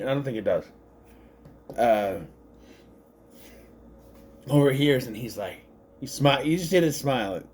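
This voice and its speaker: A man's voice: medium pitch, a little mellow. A man giving a casual spoken movie review, rambling and correcting himself as he thinks aloud.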